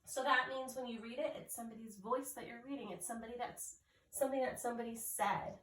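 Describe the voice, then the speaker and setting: A woman's voice: fairly high pitch, steady tone, fairly bright tone. Woman teacher doing a reading lesson, spells words out letter by letter, kinda echoey and far from the mic. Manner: slow, careful, spelling out and sounding out words. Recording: echoey room, mic at a distance.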